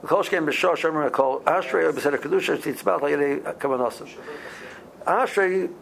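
A man, teaching a halacha class in a halting way, with many ums and restarts. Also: on the high side, vocal fry, fairly bright tone, rough recording. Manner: halting, many ums and restarts, mixes Hebrew and Aramaic terms. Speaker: Torah teacher. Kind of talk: halacha class explaining Jewish law.

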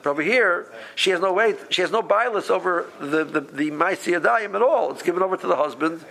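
Talmud teacher, man, slightly high voice, lively quoting of the rabbis. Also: fairly quick, vocal fry. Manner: animated, acts out the rabbis' voices, many restarts. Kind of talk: explaining a text to a study group.

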